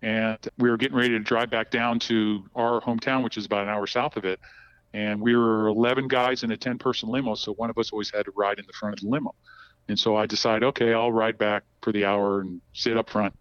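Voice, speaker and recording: A man's voice: fairly low pitch, flat delivery, fairly quick, fairly bright tone, clear, resonant tone, dry recording. A middle-aged man telling long personal stories as a podcast guest, rambling with many restarts. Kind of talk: casual storytelling. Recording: dull, dry, lo-fi sound.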